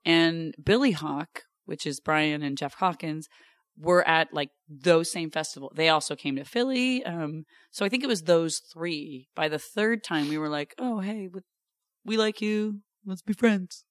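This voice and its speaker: A woman's voice: low-pitched, normal speed, no echo, clean studio sound. A woman in her thirties, a podcast guest chatting casually with a wry, self-deprecating humor. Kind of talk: casual chat.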